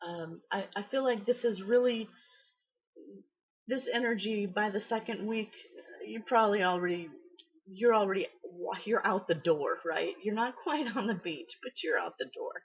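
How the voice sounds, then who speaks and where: A woman's voice: medium pitch, normal speed, slightly rough. A middle-aged woman giving a casual, rambling tarot reading, full of fillers and small laughs. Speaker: tarot reader. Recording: slightly dull lo-fi audio.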